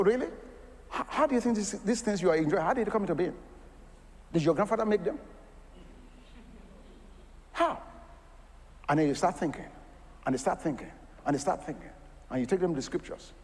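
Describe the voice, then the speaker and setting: Man, preacher, sermon, high voice, rhetorical questions, long hall reverb. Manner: animated, laughing asides, rhetorical questions to the congregation.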